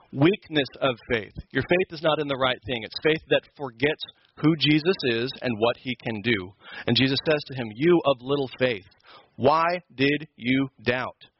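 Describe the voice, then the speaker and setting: A man's voice: medium pitch, husky, muffled recording. A man teaching a Sunday school lesson, explaining scripture in an emphatic, conversational way. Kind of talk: Bible teaching.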